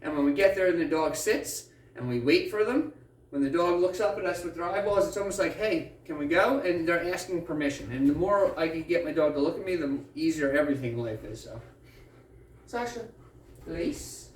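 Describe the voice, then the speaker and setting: A man's voice: on the high side, fairly quick. A man who trains dogs, explaining patiently and in plain words during a training session. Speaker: dog trainer. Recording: echoey, distant mic, faint ambient noise.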